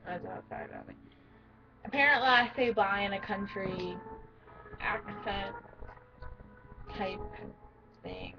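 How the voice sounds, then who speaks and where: A woman's voice: mid-range voice, unhurried, creaky, long pauses, over music. A teenage girl vlogging about herself in a rambling, casual way, full of "um" and "like". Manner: rambling, lots of "um" and "like", restarts. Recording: dull lo-fi sound with crowd noise behind.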